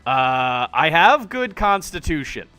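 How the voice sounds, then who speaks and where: A man's voice: on the high side, slow, smooth. A man streaming a video game, reading its text aloud in put-on voices and reacting with laughs and swearing. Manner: animated, swears and laughs often.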